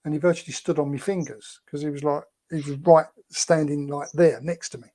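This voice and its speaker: Chatty man with a mellow voice. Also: a little high, level tone, fairly quick. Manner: chatty and rambling, with many fillers. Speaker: guest, former film extra. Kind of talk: casual anecdote telling.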